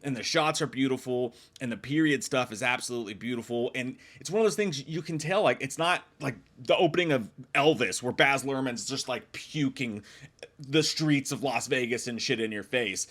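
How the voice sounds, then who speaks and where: A man's voice: mid-range voice, moderate pace. A man giving a casual spoiler review of a film, rambling and swearing freely. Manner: profane, rambling, animated. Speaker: movie reviewer.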